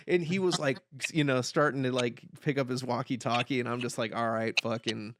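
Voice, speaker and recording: A young man hosting a podcast, telling a story in casual chat, animated and swearing, loudly yelling the lines he quotes. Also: medium pitch, brisk, few pauses, slight background noise. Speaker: podcast host.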